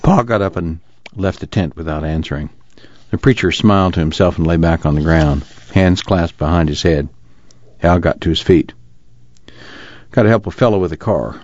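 A man reading a novel aloud as narrator in a measured storytelling manner. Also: low-pitched, a little mellow, dry recording, highs cut off. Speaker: audiobook narrator. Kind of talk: scripted narration.

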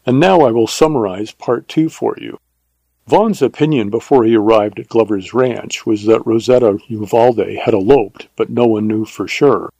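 A man narrating a western audiobook in a measured, steady reading. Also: fairly low pitch, creaky, breathy edge, no room sound, low-quality recording.

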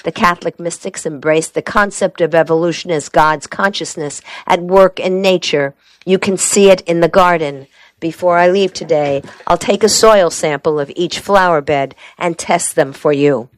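A woman's voice: fairly low pitch, dry recording, close to an everyday voice. A woman voicing a slightly drunk older male gardener who lectures pedantically and slurs a little. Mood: earnest. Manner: pedantic, slurring slightly, slow. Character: tipsy older male amateur gardener, rambling.

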